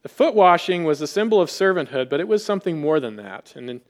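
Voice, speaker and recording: A man preaching a sermon in an animated way, acting out quoted voices with rising emphasis. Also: on the high side, quick pace. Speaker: pastor.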